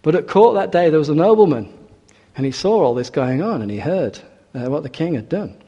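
A man's voice: fairly high pitch, expressive, fairly quick, dark tone, husky, lo-fi sound. A man preaching a sermon in an earnest way, with rhetorical questions and hesitant restarts. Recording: long hall reverb.

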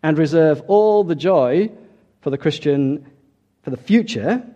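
A man preaching a sermon, emphatic, dropping soft and then rising loud for key points. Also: on the high side, animated, measured pace, highs cut off.

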